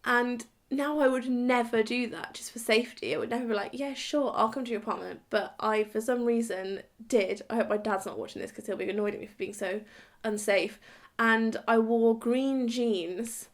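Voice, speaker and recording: A woman's voice: on the high side, steady tone, normal speed. Giggly woman telling a story. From Britain. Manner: chatty, giggly, acts out quoted dialogue. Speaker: vlogger. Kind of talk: comic storytime monologue.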